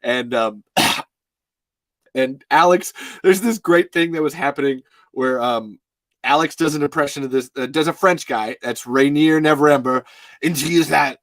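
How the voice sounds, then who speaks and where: High-voiced man chatting casually. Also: a little slow, a bit bright, no room sound. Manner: rambling, profane, laughing. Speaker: host. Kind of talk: casual chat.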